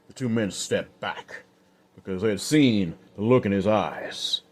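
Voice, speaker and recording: Man narrating an old-west story, low voice. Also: a little mellow. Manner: slow, unhurried, casual.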